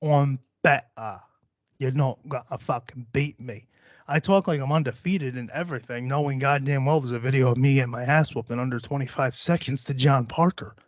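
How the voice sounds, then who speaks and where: A man hosting a podcast, talking casually in a brash, boastful way with constant swearing. His voice sits at an ordinary middle pitch. The sound is dull and lo-fi, and close and dry with no echo. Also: brisk. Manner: profane, boastful, hyper-competitive. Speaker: podcast host.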